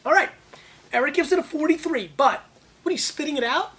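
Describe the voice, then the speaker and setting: A man hosting a casual wine tasting video, joking and excitable, jumping between loud bursts and muttered asides. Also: brisk. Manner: excitable, joking, big swings in pitch and loudness; talks to the camera and an off-screen helper. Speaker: wine show host.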